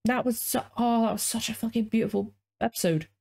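A woman's voice: a little high, brisk, creaky, darkish tone, slightly rough. Woman gushing over a cartoon. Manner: effusive, swears a lot, emotional. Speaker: reaction video host. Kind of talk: casual reaction commentary.

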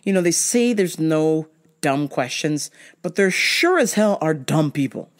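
A woman's voice: low voice, animated, a little slow. A woman podcast host telling comic stories in a profane, exasperated way. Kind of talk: comic storytelling.

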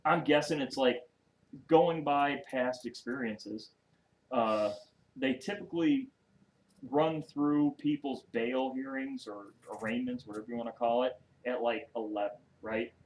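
A man's voice: medium pitch, measured pace, a little mellow, a little hiss or hum, poor audio. A man in a mid-range voice spins a long tale as a podcast guest, swearing nearly every line and wandering into asides before finding his thread again. His delivery is loose and conversational. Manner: heavy cursing, rambling asides. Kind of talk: casual storytelling.

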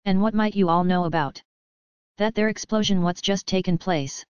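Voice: mid-range voice, normal speed, clear, resonant tone, no room sound, natural voice. A narrator voicing a huge, menacing gangster boss who growls threats in a storybook reading. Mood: threatening. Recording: dull, dry sound.

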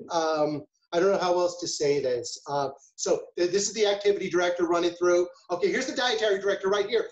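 A man's voice: sits high, fairly quick, hardly any pauses, reverberant, highs cut off. A man, a food safety chef, giving a casual webinar talk, chatty and full of rhetorical questions and storytelling asides.

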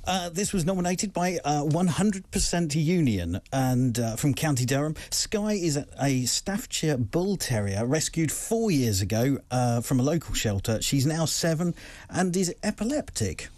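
A man's voice: on the high side, expressive, normal speed, a little mellow, dry recording. Joking male studio regular, dry sound. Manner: teasing, joking. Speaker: regular tech contributor. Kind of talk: casual studio banter.

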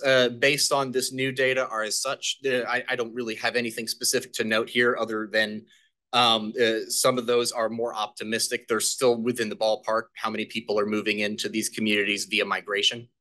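A man walks a committee through planning data in a public meeting. His voice is bright and forward, and his talk is halting, full of fillers and restarts. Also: mid-range voice. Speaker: staff presenter.

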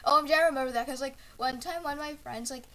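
Woman gaming host, high bright voice, teasing coach. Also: quick pace. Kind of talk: casual gaming chat.

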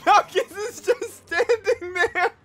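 A man commentating his gameplay, laughing often and breaking into excited high outbursts. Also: takes it slowly. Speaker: gaming YouTuber.

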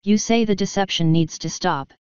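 A woman's voice: mid-range voice, moderate pace, a little mellow, clear, resonant tone, no room sound, close to an everyday voice. A woman voicing a proud, secretive elder princess mare who speaks in a quavering, defensive way, in a storybook reading. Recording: dull lo-fi recording.

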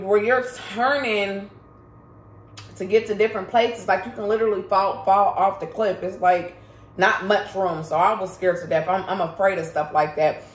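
A woman telling a story to her viewers in a casual vlog, chatty and emphatic, talking straight to the audience. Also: medium pitch. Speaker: vlogger. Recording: roomy echo.

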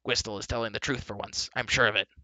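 A man doing a gruff blunt dwarf. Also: on the low side, fairly even intonation, fast, sharp tone, no echo.

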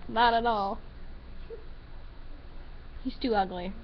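A woman's voice: fairly high pitch, steady tone, slow, slight background noise. A teenage girl vlogging with a friend, joking around and bossing her into doing silly accents. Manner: silly, bossy, giggly. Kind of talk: casual chat with a friend. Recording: dull lo-fi home video.

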